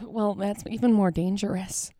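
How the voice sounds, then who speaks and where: A woman co-hosting a radio after-show, telling an animated story in casual chat and acting out little voices. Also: medium pitch, normal speed, crowd noise. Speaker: radio co-host.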